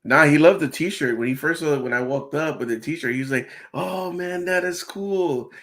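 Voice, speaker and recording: Earnest man telling an excited story. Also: medium pitch, fast. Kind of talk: casual chat.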